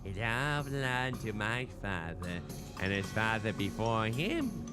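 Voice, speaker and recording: A man's voice: fairly low pitch, very animated, slow, over music. A man voicing a creepy, grinning male butcher innkeeper with a lisp, sly and overly cheerful, drawing out his words.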